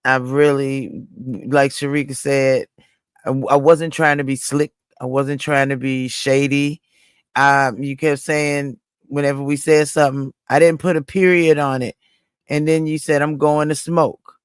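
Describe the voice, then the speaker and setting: A woman's voice: a bass voice, level tone, a little slow, clean tone, no room sound, clean studio sound. A woman on a livestream panel, talking earnestly and making peace. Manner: earnest, conciliatory. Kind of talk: casual chat.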